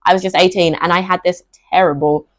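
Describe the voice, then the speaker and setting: A woman's voice: fairly low pitch, steady tone, quick pace, no echo. A woman in her twenties from Essex, co-hosting a podcast in casual chat, talking in a bar with lots of fillers and laughs. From Essex, England. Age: 20s. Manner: chatty, laughs often, lots of "like". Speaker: podcast co-host.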